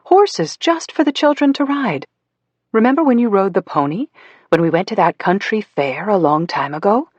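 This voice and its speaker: Man putting on a mother, high sickly sing-song, cooing, storybook reading. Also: huge pitch swings, moderate pace, creaky, hardly any pauses, slightly rough, dry recording, highs cut off, exaggerated voice. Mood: coaxing.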